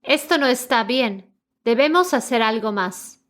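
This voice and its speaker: A woman reads example sentences aloud for learners, saying each one twice with careful pronunciation. Her voice sits a little high. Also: expressive, moderate pace, a bit bright. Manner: careful, repeated model pronunciation. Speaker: native-speaker example reader.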